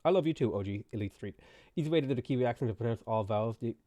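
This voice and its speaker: A man's voice: medium pitch, lively intonation, racing, warm tone, no echo. Chatty man streaming a strategy game. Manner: chatty, playful, reading and answering chat. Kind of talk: live game stream commentary.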